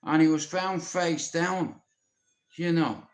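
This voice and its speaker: A man's voice: a little high, slow, echoey room. A man with a Dublin Irish accent hosting a livestream, telling rambling stories with blunt, profane language and talking straight to his viewers. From Ireland. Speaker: livestream host. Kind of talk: rambling storytelling to a live audience.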